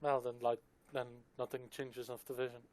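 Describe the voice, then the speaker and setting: A man running a tabletop game session, casual and hesitant, muttering quiet asides as he checks his notes. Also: mid-range voice, little pitch movement, fairly quick. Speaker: game master.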